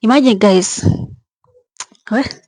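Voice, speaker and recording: A young woman vlogging with emotion, speaking in a halting way, repeating herself and sounding tearful and shaken. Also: fairly high pitch, a little mellow, no room sound. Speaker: travel vlogger. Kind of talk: emotional vlog narration.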